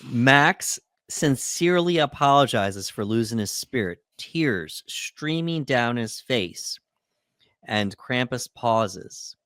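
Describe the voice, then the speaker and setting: A man's voice: mid-range voice, animated, slow, a bit bright, no echo. A man co-hosting a movie podcast, recapping the plot steadily with dry humor. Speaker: podcast co-host. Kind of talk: reading a plot summary and chatting.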